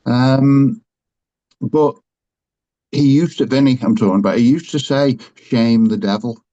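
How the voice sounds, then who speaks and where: A man, a guest in a frank conversation, talking haltingly with many fillers and restarts, laughing easily and swearing now and then. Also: mid-range voice, dark tone. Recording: slightly dull lo-fi sound.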